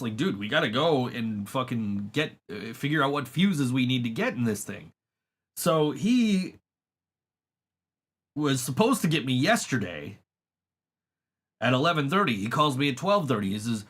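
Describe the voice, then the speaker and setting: Man, podcast host, casual storytelling, profane, laughs a lot, mid-pitched voice. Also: a bit bright. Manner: profane, laughs often, retells calls. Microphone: studio microphone.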